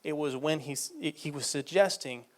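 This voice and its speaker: A man preaching a sermon, reading scripture aloud and explaining it in a conversational way, slowing down and getting louder for emphasis. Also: fairly high pitch.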